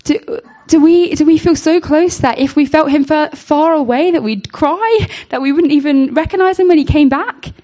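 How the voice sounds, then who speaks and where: A woman's voice: sits high, moderate pace, few pauses, dark tone. Earnest woman, dull lo-fi sound. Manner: earnest, searching, with many fillers and restarts. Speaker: speaker giving a Bible reflection. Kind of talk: informal devotional talk. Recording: dull lo-fi recording.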